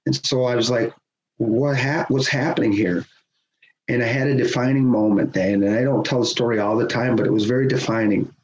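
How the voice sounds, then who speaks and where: A middle-aged man, a guest on a podcast, telling a personal story in a lively conversational way, chuckling as he goes. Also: medium pitch, fast talker, few pauses. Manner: animated, acts out quoted voices, chuckles often. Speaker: podcast guest, hockey official. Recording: roomy, dull sound with faint hiss.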